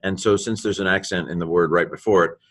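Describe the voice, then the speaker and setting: A man teaching a recorded Bible lesson, musing aloud with many fillers and restarts and spelling out Greek letters slowly one by one. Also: low-pitched, fairly even intonation, fairly bright tone.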